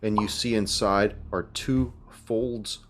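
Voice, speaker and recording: Very low male game master, relaxed, loose narration with fillers. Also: takes it slowly, a little hiss or hum. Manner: laid-back descriptive narration with casual fillers. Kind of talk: narrating a tabletop horror game.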